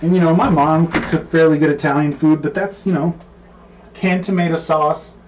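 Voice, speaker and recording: A man and cook, co-hosting and telling a story in a relaxed, rambling way with plenty of fillers. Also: a little high, normal speed, muffled recording, background noise. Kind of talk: casual storytelling. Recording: distant mic with faint room ambience.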